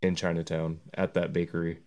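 A man's voice: deep voice, monotone, fairly quick, darkish tone. A man in a casual podcast chat, laid-back and matter-of-fact.

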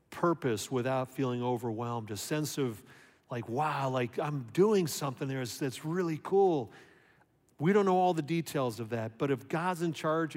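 A man preaching a sermon as a pastor, talking conversationally and asking his listeners questions. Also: medium pitch. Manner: conversational, animated, rhetorical questions. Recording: long hall reverb.

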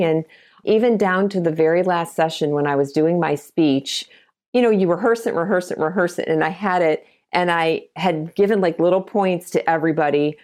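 This Ohio realtor and broker, a middle-aged woman, chats her way through anecdotes in a relaxed interview and performs the quoted lines. She speaks at a moderate pace in a lowish voice with a somewhat dark tone.

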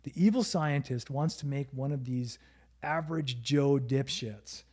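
A man's voice: mid-range voice, unhurried, darkish tone, husky. A man chatting casually on a podcast, telling a story with plenty of swearing and laughter. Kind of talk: casual chat.

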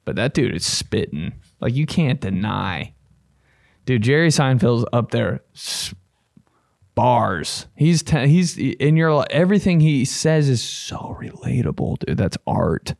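A young man hosting a podcast, chatting casually in a loose, profane, rambling way with bursts of excitement. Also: mid-range voice, measured pace, creaky, dry recording, studio quality. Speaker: podcast host. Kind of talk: casual chat.

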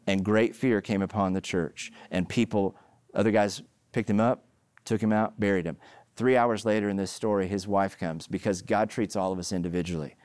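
Animated male preacher, dry close sound. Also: fairly low pitch, moderate pace, clear, resonant tone, dry recording. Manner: animated storytelling, rising to loud emphatic peaks. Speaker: pastor. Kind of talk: sermon.

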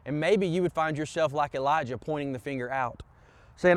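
A man's voice: a little high, moderate pace, no echo. A man preaching a sermon as pastor, impassioned and urging the congregation on. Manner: impassioned preaching, repeated "come on" calls to the congregation.

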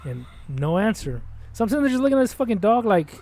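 A man's voice: sits high, fast. A young man casually telling a long, rambling, profane story, acting out what people said. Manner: rambling, profane, animated, acts out quotes.

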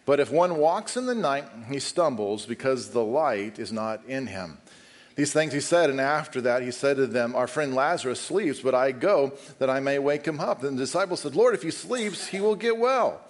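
Man reading scripture aloud, even-voiced. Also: mid-range voice, moderate pace. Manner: reads scripture steadily, then talks to the congregation and calls up a helper. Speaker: preacher.

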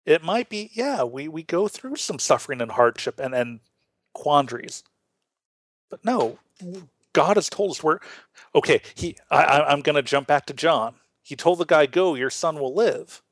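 A man's voice: on the high side, expressive, normal speed, a bit bright, dry recording. A man from Illinois hosting a Lutheran podcast, teaching in a casual chat with earnest, stammering restarts. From Illinois, USA.

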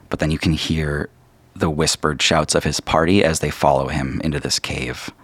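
A man narrating a tabletop game as game master in a measured, descriptive way, with a husky voice. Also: very deep voice, fairly bright tone, dry recording.

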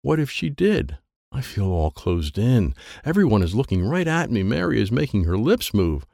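A man narrates a children's storybook in simple, childlike first-person sentences. His voice sits low with a gravelly grain and very wide swings in pitch. The recording is close and dry. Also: big pitch swings, moderate pace, dark tone, dry recording. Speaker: audiobook narrator.

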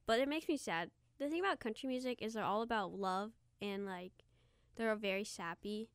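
A young woman co-hosting a podcast in a smooth, clear voice. She rambles casually and drops slang as she talks. The recording is dry and close. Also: mid-range voice, normal speed, no room sound. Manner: chatty, rambling, uses slang. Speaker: podcast co-host. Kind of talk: casual chat.

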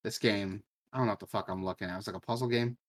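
A young man co-hosts a casual gaming podcast and talks in a voice pitched a little low. He swears freely and gets animated when he tells a story. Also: very fast. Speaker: podcast co-host. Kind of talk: casual gaming news chat.

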